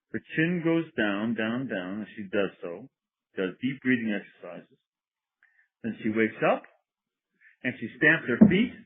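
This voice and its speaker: A priest delivers a wry, sermon-like lecture full of stories, laughing at his own anecdotes. His voice is fairly high and husky, and the recording is tinny and lo-fi, like a phone.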